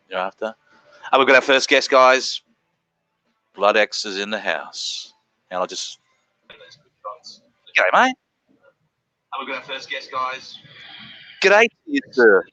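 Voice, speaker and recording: A middle-aged Australian man chatting casually as host of a live stream, laid-back and quick to greet viewers. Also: on the low side, pushed and bright, dry recording, low-quality recording.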